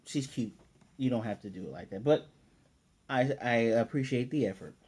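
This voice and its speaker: A man's voice: mid-range voice, normal speed, darkish tone, breathy edge. A man casually recapping and reviewing an anime episode, chatty and opinionated, with frequent fillers.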